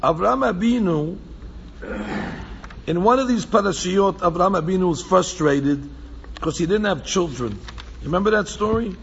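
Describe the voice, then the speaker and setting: High gravelly-voiced man teaching a class. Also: normal speed, pauses often. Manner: animated, repeats phrases for emphasis, mixes in Hebrew quotes. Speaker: Torah teacher. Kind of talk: Torah class lecture. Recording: echoey hall, dull lo-fi sound with faint background hum.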